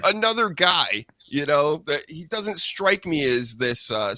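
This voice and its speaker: A man hosting a casual wrestling podcast, animated and sarcastic, mocking people in high put-on voices. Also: normal speed, few pauses, no echo. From Boston area. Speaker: podcast host.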